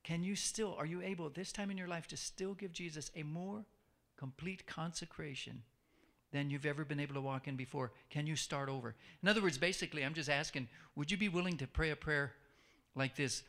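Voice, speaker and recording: Guy preaching a sermon, kinda high voice with a gravelly edge, repeats stuff for emphasis. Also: fairly quick, a bit bright. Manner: conversational, repeats phrases for emphasis; asks the listeners questions.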